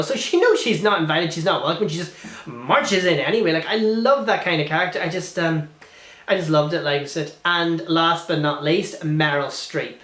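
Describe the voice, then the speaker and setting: A man's voice: on the high side, animated, normal speed, fairly bright tone, roomy sound. A man reviewing a film in a casual vlog, gushing and rambling with many restarts and fillers.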